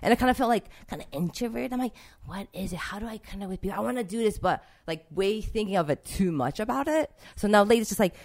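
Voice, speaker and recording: A woman's voice: mid-range voice, lively intonation, quick pace, hardly any pauses, a little mellow. A young woman being interviewed about her street art, talking in a casual, emotional way full of fillers.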